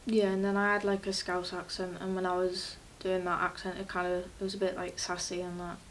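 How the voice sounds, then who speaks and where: A woman's voice: lowish voice, monotone, a little fast, far from the mic, slight background noise. A woman drama student explaining her character choices in easygoing casual talk. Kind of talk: casual project discussion.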